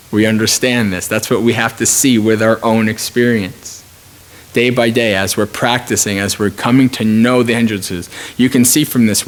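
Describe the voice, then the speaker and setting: A man teaching meditation at a retreat, speaking informally and thinking aloud with frequent restarts. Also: fairly low pitch. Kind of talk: dharma talk at a retreat.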